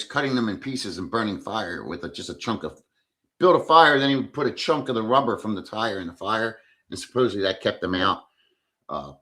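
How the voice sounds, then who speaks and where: A man hosting a casual livestream, telling stories in an animated way, reading chat comments aloud and swearing freely. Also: fairly low pitch. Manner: animated storyteller who reads chat aloud. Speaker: livestream host. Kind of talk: casual live-stream chat.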